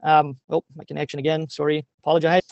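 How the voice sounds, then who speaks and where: A man's voice: fairly high pitch, little pitch movement, quick pace, vocal fry, dull audio. A man, a teacher giving an earnest, openly emotional presentation over a video call, with many ums.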